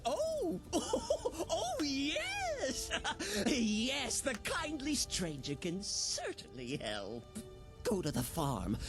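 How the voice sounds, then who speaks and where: An actor playing a manic, unhinged jester who swings between wailing and giggling in a sing-song voice. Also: male voice, high-pitched, heavily acted. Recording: game audio with music behind.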